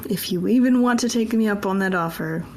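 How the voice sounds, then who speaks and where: A woman playing in a tabletop game, chatting casually and reacting expressively. Her voice sits at a middle pitch for a woman. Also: fairly quick. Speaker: player.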